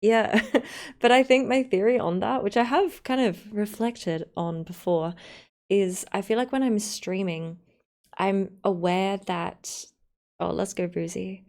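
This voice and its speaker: A young Australian woman chatting casually on a live stream while editing her own video, with quick self-reflective asides. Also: medium pitch, a little mellow.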